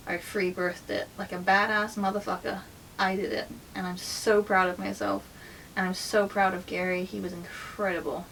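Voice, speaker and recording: A woman's voice: medium pitch, vocal fry, a bit bright, far from the mic, slight background noise, rough recording. A woman vlogger telling a personal story in a candid, emotional, chatty way, full of little fillers.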